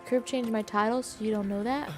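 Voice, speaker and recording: Her voice on the high side and her pace brisk, a young woman chats with viewers during a live game stream with faint music behind her. She gets excitable and playfully indignant, jumping into squeals.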